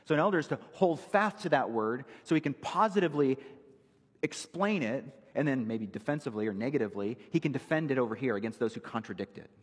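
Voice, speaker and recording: A man's voice: medium pitch, lively intonation, quick pace, husky, big-room sound. A male pastor preaching an emphatic, verse-by-verse expository sermon in a church sanctuary.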